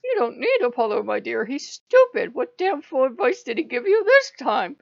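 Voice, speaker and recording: A woman voicing a gruff, protective male god who talks bluntly and scolds. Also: high voice, big pitch swings, normal speed, no room sound, voice pushed up, full character voice. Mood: scolding. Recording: dull lo-fi, dry.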